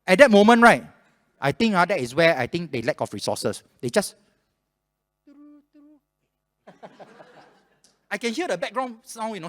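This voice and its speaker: A man's voice: high-pitched, slow pace, pauses often. A man with a Singaporean English accent, telling a story to a live audience at a panel and acting out the voices in it. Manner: lively, acts out voices and laughs while telling. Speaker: panel speaker. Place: event hall with audience. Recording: echoey hall.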